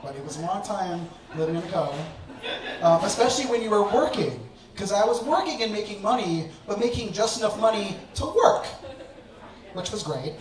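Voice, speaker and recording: A man telling a personal story on stage to a live audience, with an animated, self-mocking comic delivery. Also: high voice. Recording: echoey hall, distant mic, audience laughter.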